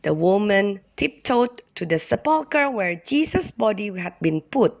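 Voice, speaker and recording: A woman teacher reading a Bible story aloud to kindergarten children, expressive and asking them questions. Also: medium pitch, measured pace, creaky. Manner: expressive, addresses the children directly.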